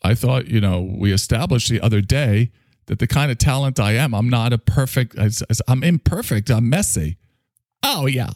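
A man voicing a rambling, low-voiced figure who calls himself messy and imperfect, philosophizing with halting restarts in an improvised comedy bit. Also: lively intonation, a little mellow, no room sound, studio quality, lightly acted. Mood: sheepish.

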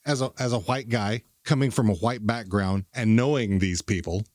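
A man from Texas, the podcast producer, speaking haltingly in a casual chat. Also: fairly low pitch, a little mellow, no echo, clean studio sound. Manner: halting, restarts often.

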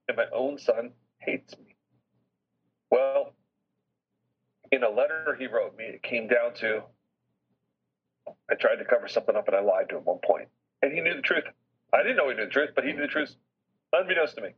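A middle-aged man speaking as an interview guest, earnest and heartfelt, pausing to reflect as he tells a personal story. His voice is husky, and it comes through a slightly dull, lo-fi recording. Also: medium pitch. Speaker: business chairman as podcast guest.

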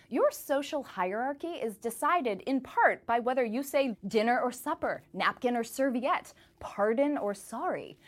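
A woman from the United States delivering a humorous scripted commentary as a correspondent, speaking in a put-on English accent with a playful, teasing, mock-posh delivery. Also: mid-range voice.

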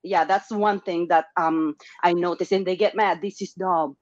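This Filipino woman talks as a guest in a relaxed conversation about her experiences, speaking at a normal pace in a fairly low, steady, slightly mellow voice. She's talkative and mimics other people's remarks in altered voices. The recording is muffled but has no room sound.

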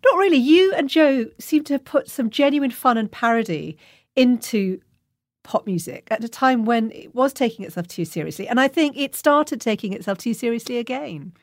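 A woman's voice: fairly high pitch, expressive, normal speed, dry recording, clean studio sound. Engaged woman interviewer. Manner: engaged, prompting questions. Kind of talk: conversational interview.

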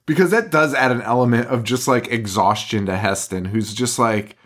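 A man's voice: mid-range voice, normal speed, few pauses. A man co-hosting a podcast, casually recapping a film with a lot of swearing, laughter and mocking voices for the characters. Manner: profane, animated retelling with mock voices. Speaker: podcast co-host.

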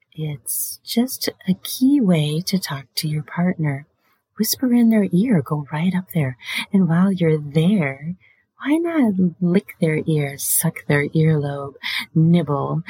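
A woman hosting a sex and relationship advice show in a casual monologue, blunt and full of swearing, often laughing and slipping into breathy whispers. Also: low-pitched, warm tone, no room sound.

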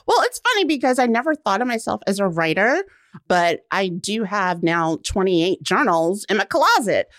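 A woman around forty, a guest on a casual radio interview, telling stories with lively acted-out quotes. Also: mid-range voice, moderate pace, no echo, studio quality. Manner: animated storyteller, acts out quotes. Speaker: guest, blogger.

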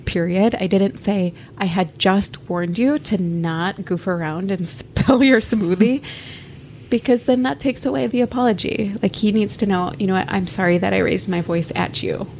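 A calm, candid woman co-hosting a podcast, talking reflectively about parenting her young kids. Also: medium pitch, moderate pace, slight background noise. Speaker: podcast co-host. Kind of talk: casual podcast chat.

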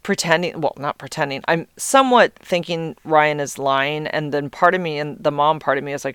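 A woman's voice: low-pitched, normal speed, fairly bright tone, clean tone, dry recording. A middle-aged woman telling a personal story in a rambling, easily distracted way, swearing freely. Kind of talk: casual storytelling.

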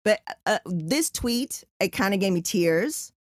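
A woman co-hosting a casual podcast chat, animated and emotional as she reads out messages. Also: medium pitch, measured pace, dry recording, clean studio sound. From Southern California. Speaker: podcast co-host.

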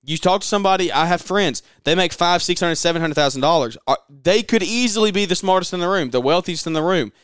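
A man's voice: high-pitched, expressive, fast talker, fairly bright tone, no echo, studio quality. A man hosting a motivational podcast, urging listeners on with passion and lots of repetition. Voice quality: raspy. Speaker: podcast host.

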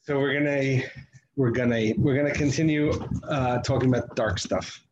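A man teaching a slow text study. He reads Hebrew verses aloud, then translates them, often halting and restarting. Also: medium pitch, steady tone, highs cut off. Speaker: Torah teacher. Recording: echoey room with faint noise.

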